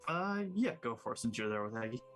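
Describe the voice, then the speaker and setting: A man narrating as game master, relaxed and loose. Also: medium pitch, fast talker, faint music behind.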